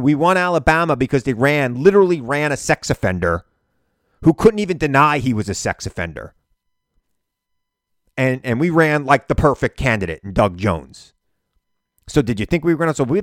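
Male talk host, indignant and rhetorical, average pitch, dry studio sound. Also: no room sound. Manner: animated, indignant, rhetorical questions. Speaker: political radio and podcast host. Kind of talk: opinionated political monologue.

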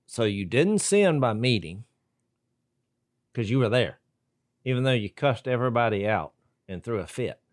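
A man's voice: medium pitch, lively intonation, moderate pace, long pauses, dry recording, clean studio sound. A man co-hosting a faith podcast who talks casually, joking wryly and asking rhetorical questions. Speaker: podcast co-host.

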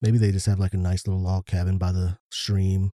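A man with a low, very dark and mellow voice. He co-hosts a casual podcast and chats in a relaxed way, dropping in wry asides. The recording is close and dry. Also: brisk, dry recording. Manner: laid-back, wry asides. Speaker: podcast co-host.

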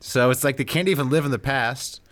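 A man's voice: mid-range voice, a little fast, a bit bright. A young man co-hosting a podcast, joking sarcastically in casual sports banter. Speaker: podcast co-host.

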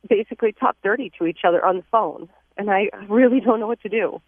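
A woman calling in to a radio advice show, speaking hesitantly and haltingly. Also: medium pitch, no room sound. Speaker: caller. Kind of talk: phone-in call. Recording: tinny phone line.

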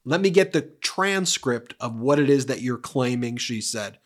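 A man's voice: medium pitch, expressive, a little slow. A man voicing a stern male federal judge who scolds a lawyer firmly. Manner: firm, scolding.

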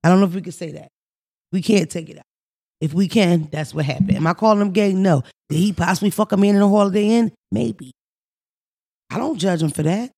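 A woman with a Philadelphia accent runs a casual comedy podcast, swearing freely and telling stories with big energy. Her voice has a gravelly, fry-laced texture. The sound is close and dry, with no room around it. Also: medium pitch, fairly quick, no echo. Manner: brash, profane, animated storytelling. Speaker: podcast host.

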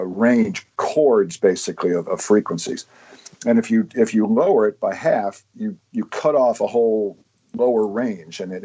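A man's voice: on the low side, a little mellow, husky, muffled recording. A man explaining science in casual podcast chat, with frequent restarts and fillers.

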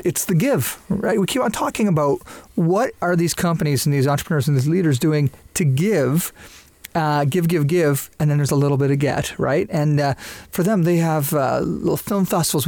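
A man's voice: fairly high pitch, a little mellow, dry recording. A man from Canada hosting a podcast, talking with rambling enthusiasm. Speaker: podcast host. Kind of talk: casual podcast chat.

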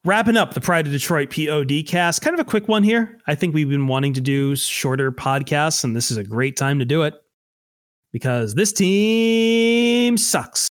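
A man's voice: on the high side, fairly quick, few pauses, no room sound, clean studio sound. A man hosting a casual sports podcast in a sarcastic, joking way. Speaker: podcast host.

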